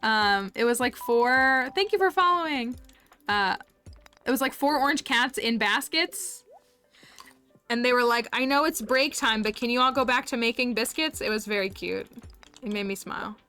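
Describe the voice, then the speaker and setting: Bright chatty woman streaming a game. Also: a little high, moderate pace, clean tone, soft background music. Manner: chatty, giggly, thanks viewers. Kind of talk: casual live-stream chat while gaming.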